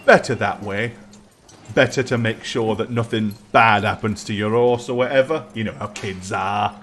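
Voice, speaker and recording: A man voicing a gruff, blunt older stable hand with a folksy, matter-of-fact way of talking. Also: lowish voice, normal speed, fairly bright tone, slight background noise, close to an everyday voice.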